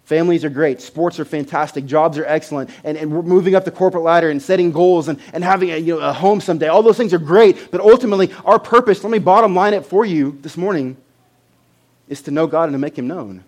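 Male pastor, conversational sermon delivery, somewhat high voice, emphatic bursts. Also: fast talker. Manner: swings from quiet to loud, emphatic bursts; repeats words and restarts, conversational preaching.

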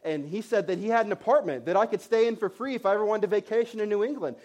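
A man in his thirties, a pastor preaching, telling a self-mocking story with animated delivery and frequent restarts. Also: high voice, racing, few pauses. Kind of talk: sermon storytelling.

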